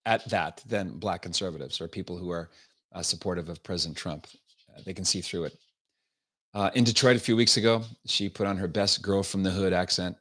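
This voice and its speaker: A male host giving sarcastic, opinionated political commentary on a livestream and reading out viewer comments. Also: on the low side. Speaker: show host.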